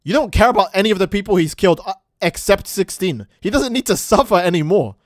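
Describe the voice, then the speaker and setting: A man's voice: high voice, fast, no echo, clean studio sound. A man streaming a game, ranting and swearing in casual commentary while answering chat. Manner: profane, ranting, animated.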